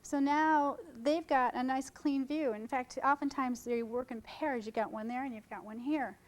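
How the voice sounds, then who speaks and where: A middle-aged woman with a high-pitched, somewhat mellow voice speaks at a normal speed with fairly even intonation. She's giving a casual seminar to photographers in a conference room, chatting, joking with the audience and skipping from topic to topic. The recording quality is low.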